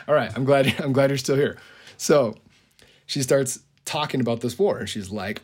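A man's voice: medium pitch, huge pitch swings, a little slow, pauses often, breathy edge. A man casually retelling a movie idea on a podcast, rambling with lots of "like" and frequent chuckles. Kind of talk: casual storytelling.

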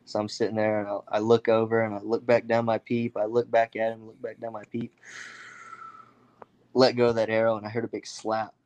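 A young man from the United States telling a story casually, animated, with many fillers and acted-out quotes. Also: on the low side, brisk. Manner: animated, acts out others' voices, many fillers. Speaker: guest storyteller.

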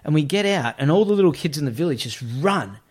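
Animated man telling a story. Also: fairly high pitch, fast. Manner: animated, acts out quoted voices, swears casually. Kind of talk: casual storytelling chat.

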